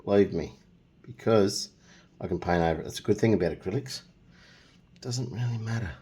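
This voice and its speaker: A mellow, slightly rough, lowish male voice comes through a little quickly. The speaker, a middle-aged man, hosts a relaxed painting tutorial, bantering and joking and humming silly tunes as he paints.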